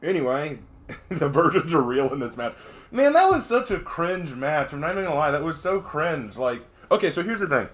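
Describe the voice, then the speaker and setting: A man streaming a game with casual commentary, chatty and quick to laugh, telling stories with energy. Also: fairly high pitch. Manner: chatty, laughs often, animated storytelling.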